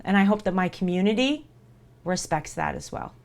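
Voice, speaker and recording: A woman's voice: on the low side, lively intonation, normal speed, vocal fry, a little mellow. A woman streamer talking live to her viewers in an earnest, reassuring way, repeating herself for emphasis.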